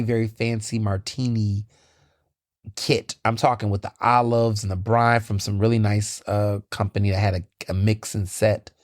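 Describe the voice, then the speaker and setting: A man hosting his own podcast, chatting casually and animatedly, telling stories with lively, high-pitched quoted asides. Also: no room sound, clean studio sound. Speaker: podcast host. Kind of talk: casual solo chat.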